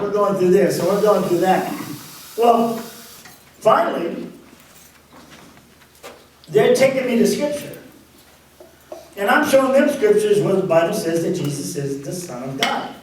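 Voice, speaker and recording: A man's voice: high-pitched, a little hiss or hum. A pastor telling his personal testimony, a man recounting the story with laughs between phrases. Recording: very echoey, distant microphone.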